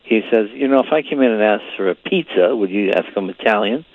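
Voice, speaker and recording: Older male comic guest, low voice, rambling anecdotes, muffled radio line, dry sound. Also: expressive, brisk, no echo. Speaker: comedian guest. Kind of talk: phone-in interview, storytelling.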